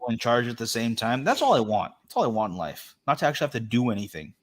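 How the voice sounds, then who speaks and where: A man co-hosting a podcast, chatting casually and spinning deadpan, rambling jokes. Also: mid-range voice, fast. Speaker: podcast co-host. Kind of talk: casual joking chat.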